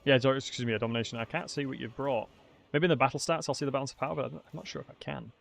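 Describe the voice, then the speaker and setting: A man's voice: medium pitch, steady tone, racing, vocal fry, fairly bright tone. A young man streaming a strategy game match, chatting casually and joking at his own expense. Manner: chatty, joking, self-mocking. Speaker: streamer playing a tournament match. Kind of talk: casual live-stream chat while gaming.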